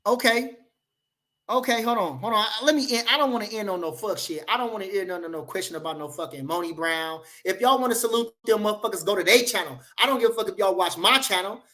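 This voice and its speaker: A man hosting a boxing channel livestream, reading the chat and trash-talking loudly and profanely, with many "you know" fillers. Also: sits high, expressive, fast talker. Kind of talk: livestream rant.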